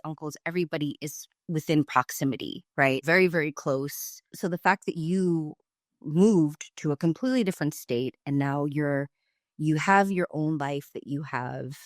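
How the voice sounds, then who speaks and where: A woman's voice: low-pitched, no room sound, studio quality. A woman podcast host asking long, winding questions in a playful, teasing way. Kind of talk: casual interview questions.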